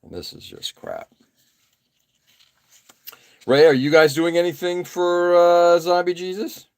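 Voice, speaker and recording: A man's voice: high-pitched, slow pace, smooth. A man in his forties hosting a live stream, chatting casually and rambling with many fillers while he works on a model kit. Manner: relaxed, rambling, frequent uh fillers and self-deprecating asides. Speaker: live stream host building model kits. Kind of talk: casual chat while working.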